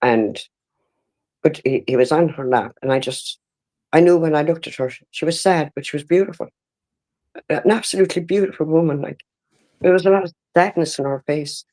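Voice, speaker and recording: A woman in her sixties with an Irish accent, giving halting, emotional personal testimony in an interview and often breaking off and restarting. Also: low-pitched, mellow. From Ireland. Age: 60s.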